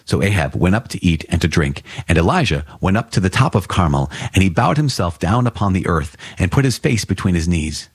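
Deep husky male scripture reader. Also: dry recording. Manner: steady, measured reading. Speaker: narrator.

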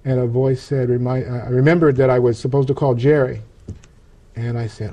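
A man, an interview guest, telling a personal testimony in an earnest, halting way, often restarting his sentences. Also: medium pitch, steady tone, mellow, muffled recording.

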